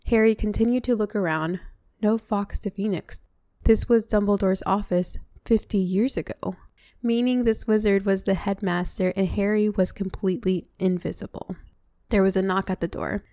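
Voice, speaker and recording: A woman reads a novel aloud at a middle pitch, pausing for chatty asides. The sound is dry and close, with no room echo. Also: steady tone, dark tone. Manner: chatty, breaks off to comment. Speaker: reader.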